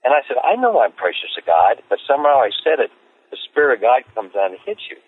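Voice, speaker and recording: A man telling stories as an interview guest, rambling and repeating himself as he gets excited. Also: mid-range voice, fast, slightly rough. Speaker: street evangelist guest. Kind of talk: casual interview storytelling. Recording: tinny phone line.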